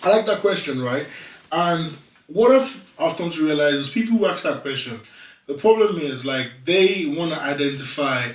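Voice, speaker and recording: A young adult man in a casual talk-show chat, telling stories animatedly and with emphasis. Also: on the high side. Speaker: guest. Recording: echoey room, mic at a distance.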